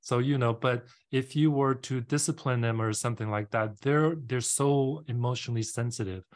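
A man's voice: medium pitch, normal speed. A man hosting a casual podcast interview, explaining at length with many fillers and restarts. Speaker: podcast host.

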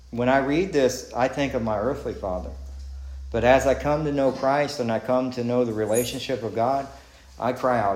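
Earnest Texan pastor preaching in a roomy hall. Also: male voice, medium pitch, a little mellow. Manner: earnest conversational preaching with repeated questions and restarts. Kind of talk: sermon. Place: church sanctuary.

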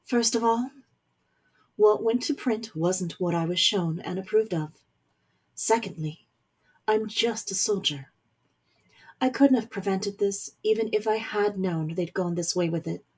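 A woman voicing a stern, powerful middle-aged mother who is a warlock general, speaking forcefully with scorn. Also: mid-range voice, unhurried, long pauses, slightly rough. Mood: stern scornful. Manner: forceful, scornful, rising to anger.

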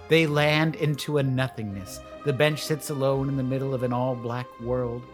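Chill woman cohost, laughs a lot, deep and slow, faint music underneath. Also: steady tone. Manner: easygoing, laughs often. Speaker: podcast co-host. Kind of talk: casual chat and reading stage directions.

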